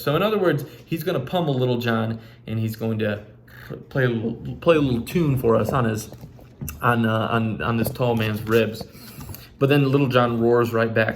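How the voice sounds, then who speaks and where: A man's voice: medium pitch, normal speed, slight background noise. A man teaching a recorded literature lesson in a casual way, with frequent fillers and restarts. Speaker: English teacher.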